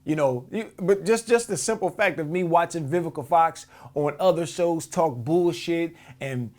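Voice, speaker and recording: On a podcast, a man reacts to a clip with heated, profane commentary, often repeating words as he restarts. His voice sits on the high side, with a darkish tone and normal speed.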